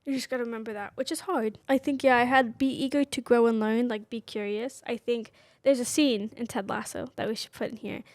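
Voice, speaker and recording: A woman's voice: on the high side, steady tone, brisk, hardly any pauses, no room sound. A woman in her twenties co-hosting a podcast, talking openly and personally with many "like" fillers. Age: 20s. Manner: candid, personal, constant "like" fillers. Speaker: podcast co-host. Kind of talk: casual chat.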